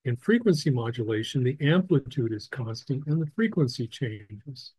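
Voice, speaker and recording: A man teaching a ham radio licensing class over slides, explaining slowly with many restarts and fillers. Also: medium pitch, expressive, a little mellow, husky, no echo, rough recording. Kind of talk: technical lecture over slides.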